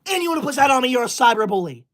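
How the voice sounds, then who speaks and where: A man's voice: extremely high pitch, big pitch swings, rapid-fire. A man playing a prissy teacher's-pet streamer boy. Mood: indignant. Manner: indignant, scolding, melodramatic outbursts. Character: self-righteous teacher's-pet boy livestreamer, touchy. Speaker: livestreamer. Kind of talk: comedic character skit.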